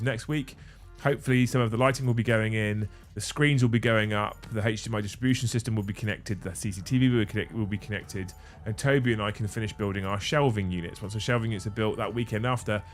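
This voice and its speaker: A man hosting a casual livestream, bantering and thanking viewers, with a bit of swearing. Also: lowish voice. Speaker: livestream host.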